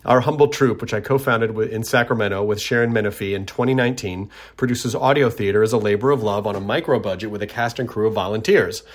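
A man's voice: on the low side, fast talker, few pauses. Chatty rambling man hosting a podcast. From Tennessee. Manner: rambling, self-deprecating, with frequent restarts. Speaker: podcast host. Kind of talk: casual chat.

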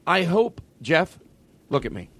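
A man's voice: fairly high pitch, very animated, a little slow, fairly bright tone, slightly rough. A man hosting a comedy podcast, chatting casually in a rambling way with many restarts. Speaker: podcast host.

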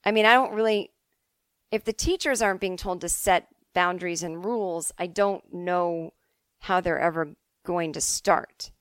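A middle-aged woman from the Boston suburbs hosting a podcast, telling stories in a casual, animated way and swearing freely. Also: fairly low pitch, unhurried, smooth, no room sound, studio quality. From Boston suburbs, USA. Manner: chatty, animated, swears freely, acts out quotes. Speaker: podcast host answering listener emails. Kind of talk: casual comedic storytelling.

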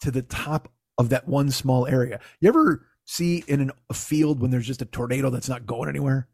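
Husky man telling a rambling, profane story. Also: mid-range voice, brisk, no room sound. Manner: profane, rambling, self-mocking. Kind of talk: casual storytelling chat.

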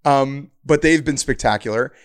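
A man in casual sports chat, mid-pitched and animated. He co-hosts the show and drops into quick mock voices when quoting others. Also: smooth. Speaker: podcast co-host.

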